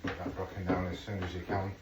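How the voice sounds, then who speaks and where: Low-voiced and talking a little fast with little pitch movement, a middle-aged man from England cooks at home and chats for his vlog. He swears quietly now and then. The recording picks him up from a distance in an echoey, noisy kitchen.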